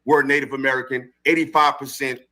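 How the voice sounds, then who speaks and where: A man's voice: medium pitch, level tone, fairly quick, sharp tone, poor audio. A man on a live-stream panel reading statistics aloud and pushing on through interruptions.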